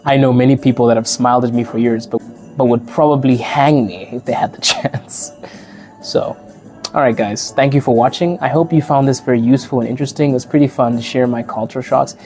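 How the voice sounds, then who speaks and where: Man from Africa, podcast host, casual chat, mellow voice, laughs a lot. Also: mid-range voice, fairly even intonation, brisk, soft background music. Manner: chatty, laughs often, acts out quoted people.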